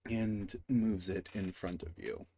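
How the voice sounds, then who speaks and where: A man running a tabletop game as dungeon master, narrating in a halting way with frequent pauses and restarts. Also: deep voice, dark tone, husky. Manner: halting, slow, many fillers and restarts.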